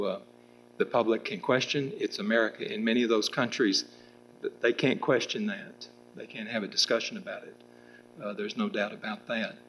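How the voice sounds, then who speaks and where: A man's voice: lowish voice, a bit bright, a little hiss or hum, low-quality recording. A middle-aged man answering at a public political debate, rambling with restarts and fillers. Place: public meeting room with audience.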